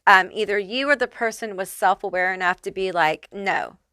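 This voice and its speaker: A woman's voice: medium pitch, normal speed, pushed and bright, smooth, dry recording, studio quality. A woman giving a casual pick-a-card tarot reading, chatty and loose, swearing freely and using lots of fillers. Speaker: tarot reader.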